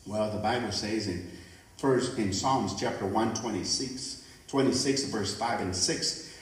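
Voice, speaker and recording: Slow-talking pastor in an echoey hall. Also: male voice, medium pitch. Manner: folksy storytelling with playful bursts of singing and sound effects. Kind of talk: sermon. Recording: echoey room from far off.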